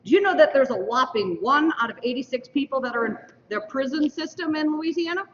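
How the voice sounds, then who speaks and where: A woman hosts a school mock election with playful, teasing asides. Her voice swings lively and rather high. The stream is dull and lo-fi, caught from well off the mic in a long-echo hall. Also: a little fast, distant mic. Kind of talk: lively announcing to an audience.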